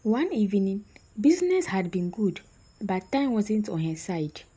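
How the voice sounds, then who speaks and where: A woman narrating a scripted story in a slow, suspenseful way with dramatic pauses. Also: medium pitch, big pitch swings, dark tone, husky, rough recording.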